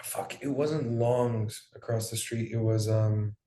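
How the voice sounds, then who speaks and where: A man's voice: fairly low pitch, steady tone, slow pace, noisy background. A young man giving an emotional personal account as an interview guest, in loose, profane storytelling with plenty of fillers. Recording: roomy echo.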